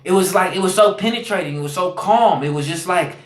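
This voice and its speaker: A man's voice: high voice, fast talker, roomy sound. A man telling his own story as a podcast guest, earnest and repetitive, with lots of "like" and "you know". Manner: earnest, repeats phrases, many fillers. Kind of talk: personal storytelling.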